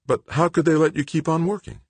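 A man's voice: fairly high pitch, steady tone, a little fast, a little mellow, dry recording, pitched above the performer's own voice, lightly acted. A man voicing an anxious, alarmed young male miner in a storybook reading. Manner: pleading and alarmed.

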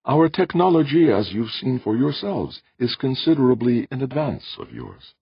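A man's voice: mid-range voice, sing-song, normal speed, vocal fry, breathy edge, no room sound, highs cut off, voice pushed up, exaggerated voice. A man voicing a placid alien elder. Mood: calm, placating. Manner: placid, patient and explanatory. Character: calm, courteous alien elder of the planet.

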